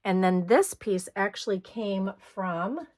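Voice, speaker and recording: Hoarse-voiced woman chatting through a craft tutorial. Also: medium pitch, lively intonation, slow, darkish tone, dry recording. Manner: chatty, talks while working, frequent throat clearing. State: slightly hoarse. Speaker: scrapbooking host.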